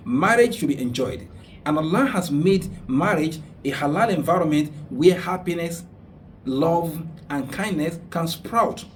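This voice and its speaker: A man's voice: on the high side, a little mellow, slight background noise. Earnest preaching man on a distant mic. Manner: earnest, preaching, repeats points for emphasis. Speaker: radio talk show host. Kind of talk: religious advice talk. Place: radio studio.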